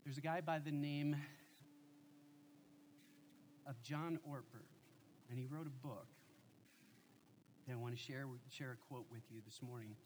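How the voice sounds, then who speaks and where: A man in his forties preaching a sermon as a pastor, telling family stories in an animated, joking way. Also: mid-range voice, a little slow, pauses often, a little hiss or hum.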